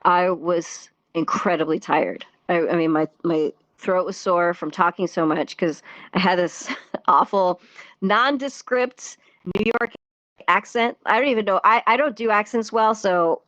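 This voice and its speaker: A woman's voice: fairly low pitch, a little slow, a bit bright, no echo. A woman guest on a casual podcast interview, a theatre performer and dance teacher, talking in a chatty way with frequent laughs, fillers and restarts. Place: virtual reality social world voice chat.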